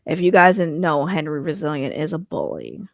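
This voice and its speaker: A woman's voice: huge pitch swings, gravelly, dry recording, studio quality, full character voice. A woman doing a nasal, condescending filmmaker guy. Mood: defensive. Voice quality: nasal, congested. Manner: low, slow, trying to sound articulate. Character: condescending nasal male indie filmmaker, defensive. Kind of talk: parody impression.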